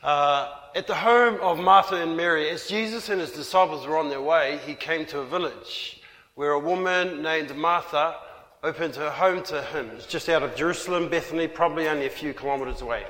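A man's voice: a little high, brisk, sharp tone. A man preaching a sermon in a church hall, stressing his points by repeating them. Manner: emphatic, repeats key phrases. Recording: reverberant hall.

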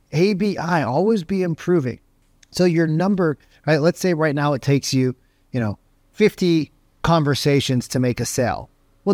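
Energetic man coaching sales, slightly high voice. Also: no echo, studio quality. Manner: energetic and conversational, tags lines with "right?"; acts out phone calls in animated voices. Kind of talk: motivational sales teaching.

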